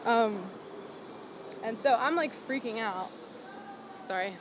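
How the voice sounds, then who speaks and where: A woman's voice: a little high, normal speed, pauses often, slight background noise. Chatty young woman rambling with many likes. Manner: rambling, lots of "like" and "um", animated retelling. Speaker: singer-songwriter guest. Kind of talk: casual interview storytelling.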